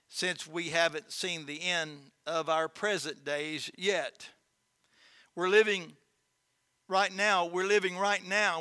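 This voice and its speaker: Brief: male pastor, bright, high voice, earnest sermon delivery with folksy storytelling. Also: no room sound. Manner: earnest, repeats phrases, tells folksy stories. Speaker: lead pastor.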